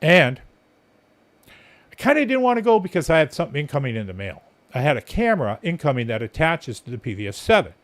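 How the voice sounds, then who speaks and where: Animated, profane man telling a story. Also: on the high side, quick pace. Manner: blunt, profane, rambling storyteller. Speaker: podcast host. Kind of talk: casual storytelling monologue.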